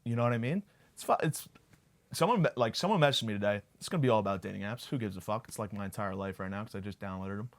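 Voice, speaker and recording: A man's voice: on the low side, fast talker. Profane self-mocking young man ranting. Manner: profane, self-deprecating, rambling. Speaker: podcast host. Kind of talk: comedic solo monologue.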